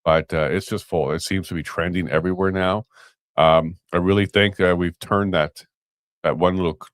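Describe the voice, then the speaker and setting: A man with a very deep voice, chatting loosely as a co-host and chuckling often. The sound is close and dry, with no room around it. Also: normal speed, no echo. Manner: relaxed, chuckling, rambling. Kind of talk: casual chat.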